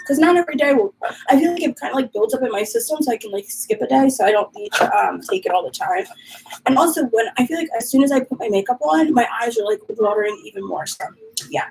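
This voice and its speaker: A woman's voice: a little high, expressive, fast talker, gravelly, darkish tone, slight background noise, rough recording. A woman hosting a casual live stream from her home, chatting and reading viewer comments aloud while dealing with allergies and a runny nose. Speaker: livestream host.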